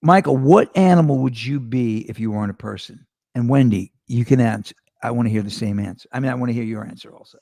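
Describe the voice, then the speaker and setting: A male talk show host telling rambling, animated stories in a casual chat, with a radio-style voice. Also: medium pitch, fast talker, few pauses, no echo, studio quality. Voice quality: gravelly radio voice. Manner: rambling, animated storyteller with restarts.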